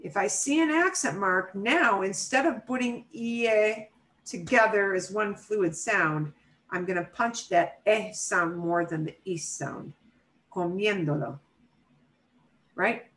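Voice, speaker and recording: Woman teacher, unhurried, repeats words slowly, video call audio. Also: medium pitch, fairly bright tone, poor audio. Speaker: Spanish teacher. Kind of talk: online class instruction.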